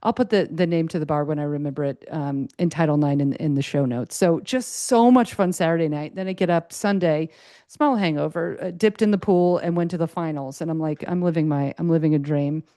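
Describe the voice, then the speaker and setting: A middle-aged woman hosting a casual solo podcast, talking excitedly in a loose, rambling way with lots of fillers and restarts. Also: low voice, brisk, dry recording, clean studio sound. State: a little choked up, tired. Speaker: podcast host.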